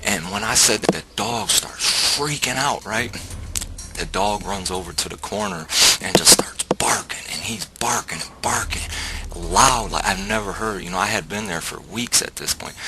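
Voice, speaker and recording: A man's voice: sits low, normal speed, vocal fry, background noise. A man telling a personal faith testimony in an earnest, emphatic, preacher-like way. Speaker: storyteller.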